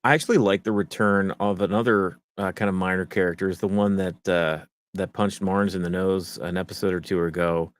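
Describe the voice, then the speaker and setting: A man with a lowish voice chats casually on a podcast he co-hosts. He rambles along and drops his voice when acting out what others said. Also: steady tone, a little fast, few pauses. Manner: rambling, acts out quotes in a lowered voice. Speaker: podcast co-host. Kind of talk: casual chat.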